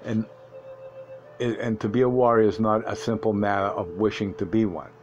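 A man voicing a low, hushed old sorcerer. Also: steady tone, moderate pace, dull audio, faint music behind, natural voice. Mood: stern. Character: old male sorcerer teacher, calm, stern. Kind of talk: audiobook reading.

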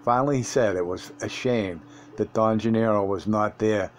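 A man narrating a first-person audiobook in a steady reading voice, with occasional slips and restarts. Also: lowish voice, moderate pace, slight background noise.

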